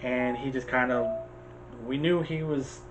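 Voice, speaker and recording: An American man co-hosting a casual movie chat. He talks in an animated, opinionated way and keeps jumping into quick asides. A faint hiss sits under his voice. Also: medium pitch. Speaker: podcast co-host.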